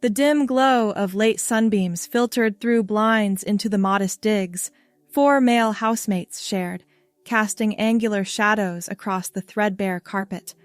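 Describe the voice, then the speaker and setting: A woman reading a scripted story in an even, measured way. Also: medium pitch, smooth, no echo. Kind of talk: scripted narration.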